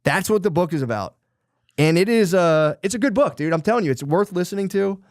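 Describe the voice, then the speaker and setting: In casual chat, a podcast host retells a book's plot in a loose, rambling way with lots of swearing. His voice is high and animated, a little fast, and the studio-quality recording has no room sound.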